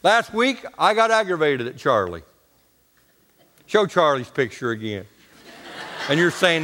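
Brief: homespun male preacher, high for a man, in a church with long reverb. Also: big pitch swings, measured pace, fairly bright tone. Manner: homespun and colloquial, talks to the congregation. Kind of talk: folksy storytelling sermon.

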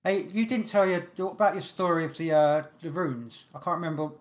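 Male co-host, casual banter, teasing, swears freely, slightly high voice. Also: fairly quick. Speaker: podcast co-host. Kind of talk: casual chat.

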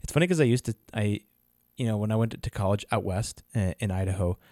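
A man's voice: fairly low pitch, fast, warm tone, dry recording, clean studio sound. A man from the American South, a podcast co-host, chatting casually with easygoing jokes. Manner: easygoing, joking reactions. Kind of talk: casual chat.

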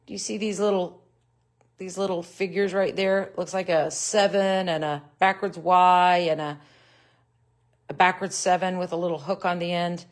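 A middle-aged woman with a Southern US accent, teaching a live-streamed Bible study in an unhurried, conversational way, and she gets indignant when she talks about critics. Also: on the low side, fairly even intonation.

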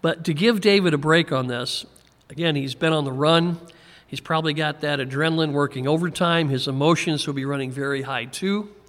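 A man teaching a Bible passage verse by verse, in a relaxed conversational way with frequent chuckles and small restarts. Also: a little high, fairly quick. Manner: conversational, chuckles often, repeats words when restarting. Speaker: pastor. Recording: long hall reverb.

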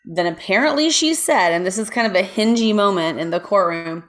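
A woman's voice: mid-range voice, animated, fairly quick, fairly bright tone. A woman co-hosting a podcast, casually telling a true crime story with lots of asides. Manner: chatty, lots of ums and asides, reads from notes. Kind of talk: casual chat.

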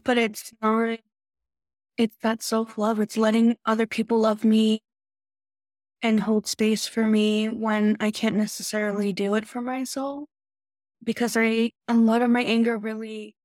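A woman's voice: on the high side, a little mellow, dry recording. Confessional woman, dry close voice. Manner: open, confessional. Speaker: podcast participant. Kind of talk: candid recovery chat.

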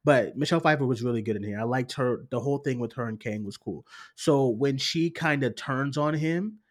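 A man co-hosting a casual movie review chat, animated and laughing often. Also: a little fast. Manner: animated, laughs often, mimics others in high voice. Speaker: podcast co-host.

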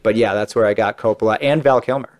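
A man's voice: on the low side, fairly even intonation, quick pace, darkish tone. A man on a podcast, chatting casually as a guest and telling long stories about interviews he has done, with lots of asides. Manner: chatty, rambling, many asides. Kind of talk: casual anecdotal storytelling.

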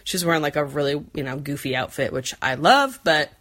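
A woman's voice: low-pitched, lively intonation, brisk, a bit bright. A woman in her forties telling a rambling, chatty story, full of fillers, with frequent laughs. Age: 40s. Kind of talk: casual storytelling chat.

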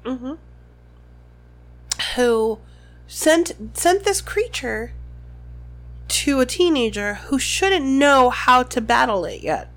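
A woman co-hosting a casual book podcast, reading passages aloud and reacting with animated comments. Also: high-pitched, takes it slowly, pauses often. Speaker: podcast co-host. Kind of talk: casual book recap chat.

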